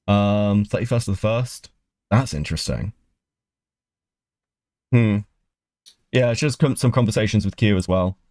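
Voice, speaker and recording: A man's voice: on the low side, measured pace, long pauses, a little mellow, dry recording, clean studio sound. A man casually talking through messages on a call, muttering and thinking aloud as he searches. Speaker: streamer going over messages on a call. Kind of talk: casual discussion.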